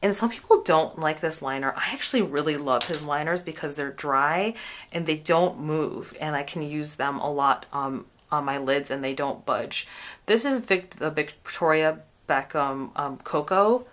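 A woman's voice: sits low, normal speed, fairly bright tone. A woman beauty vlogger chatting casually through a product review, with lots of fillers and asides.

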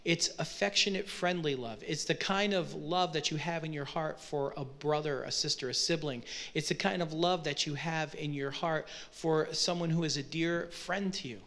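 Guy preaching, high voice, chatty bible teaching with lots of "right?". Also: moderate pace, few pauses, a bit bright. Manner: conversational Bible teaching with rhetorical questions. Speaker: pastor. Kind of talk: sermon.

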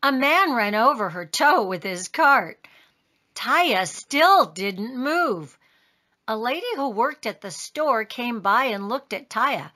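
A woman reading a children's story aloud in an expressive, sing-song way. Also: a little high, slow. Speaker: storybook reader.

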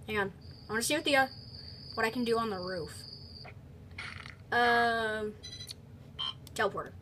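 A young woman commenting on a video game she is playing, excitable, with quick exclamations and teasing of the character on screen. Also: on the high side, slight background noise. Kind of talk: let's play commentary.

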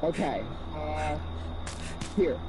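A man in casual gameplay chat, giving quick callouts and directions to his teammate. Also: a little high, background noise. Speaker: teammate in the game. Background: game music.

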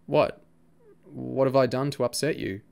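A man's voice: medium pitch, fairly even intonation, measured pace, creaky, a little mellow, clear, resonant tone. A man voicing a defensive, troubled young boy who sulks and pleads with his friend. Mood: pleading. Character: defensive troubled twelve-year-old boy.

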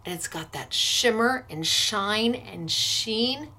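A woman's voice: a little high, lively intonation, takes it slowly, sharp tone. Lady chatting through a craft demo, playful and easygoing, talks as she works. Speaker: crafting class host. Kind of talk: casual crafting demonstration.

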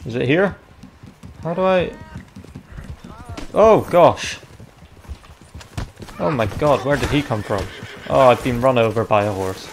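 A young man chatting casually over his gameplay, reacting out loud and swearing freely. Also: mid-range voice, expressive, takes it slowly, long pauses, a little hiss or hum. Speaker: gaming video creator.

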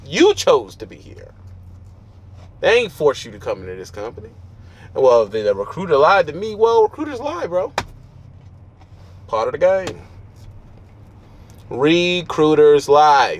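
Blunt, lively trucker man. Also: fairly high pitch. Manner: blunt, preachy, street slang. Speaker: trucker vlogger. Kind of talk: blunt advice monologue.

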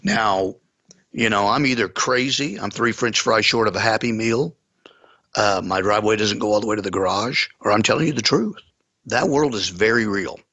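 Earnest man with a bright, forceful voice. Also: on the low side, normal speed, lo-fi sound. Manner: earnest, emphatic, folksy. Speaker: pastor and guest. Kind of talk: storytelling in conversation.

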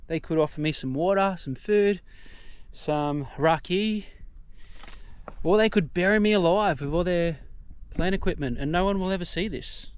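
Chatty Australian man, slightly high voice. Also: normal speed, smooth. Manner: chatty, self-deprecating, rambling asides. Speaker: travel vlogger. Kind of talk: casual travel vlog. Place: outdoors on a mountain.

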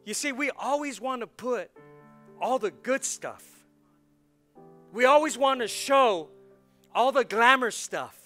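A man in his forties, a pastor preaching a lively sermon, laughing often and repeating words as he gets worked up. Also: high-pitched. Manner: animated, laughing, repeats words when excited.

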